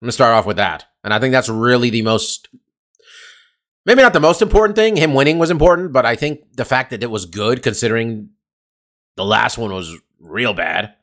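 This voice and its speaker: A man's voice: mid-range voice, expressive, brisk, fairly bright tone. Rambling, profane podcast guy. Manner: rambling, profane, uses lots of fillers. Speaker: podcast co-host. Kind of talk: casual chat. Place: California.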